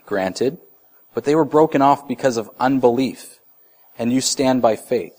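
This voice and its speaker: A man in his thirties delivers a sermon in a relaxed, conversational way. His voice sits at a middle pitch, and he often restarts phrases as he works through his ideas. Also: measured pace. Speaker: pastor.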